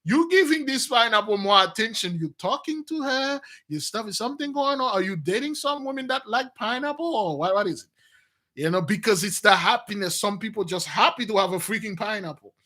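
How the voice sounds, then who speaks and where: A man preaching in an animated, free-wheeling monologue. His voice sits high and bright, jumping from loud bursts to hushed mutters. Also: fairly quick. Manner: animated, swings between loud outbursts and low mutters. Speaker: spiritual teacher.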